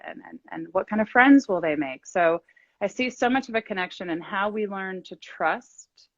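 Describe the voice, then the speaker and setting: A woman's voice: mid-range voice, expressive, normal speed, dry recording. A middle-aged woman hosting a casual live-stream chat as a life coach, encouraging and affirming as she talks at length. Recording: dull lo-fi dry sound.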